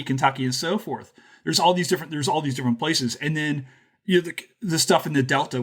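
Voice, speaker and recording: A man from Louisiana hosting a podcast, chatting casually with animated, joking asides. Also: medium pitch. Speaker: podcast host. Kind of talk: casual chat.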